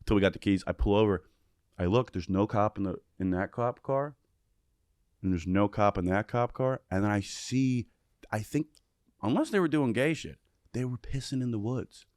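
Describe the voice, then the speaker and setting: Low-voiced man telling a wild story. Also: moderate pace, no echo, clean studio sound. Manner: animated, profane, acts out quotes. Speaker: podcast guest. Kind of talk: casual storytelling.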